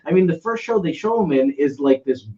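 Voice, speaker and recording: A man's voice: on the high side, expressive, fairly quick, warm tone. A male comedian co-hosting a podcast, chiming in and finishing the others' sentences in casual banter. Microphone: laptop mic. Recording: dull lo-fi laptop recording.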